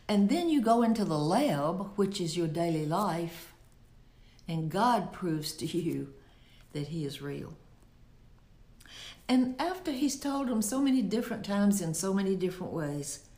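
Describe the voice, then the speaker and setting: A woman's voice: medium pitch, mellow, roomy sound. A woman giving a Bible teaching in a conversational preaching style, often asking rhetorical questions. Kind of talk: sermon.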